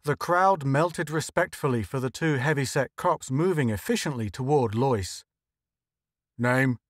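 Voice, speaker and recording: A man narrating a story in a measured, even audiobook reading. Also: mid-range voice, dry recording, studio quality. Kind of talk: scripted narration.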